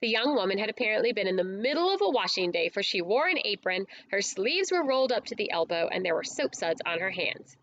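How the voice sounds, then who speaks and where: A woman reading a storybook aloud as an audiobook narrator, with clear, steady storytelling. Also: medium pitch, fast talker, hardly any pauses, dull audio, a little hiss or hum.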